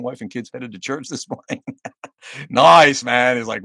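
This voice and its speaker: A man's voice: mid-range voice, moderate pace, vocal fry, bright, forceful tone, no room sound. A man hosting a casual livestream, reading viewer comments aloud and answering them bluntly and sardonically, with frequent fillers and laughs. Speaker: livestream host.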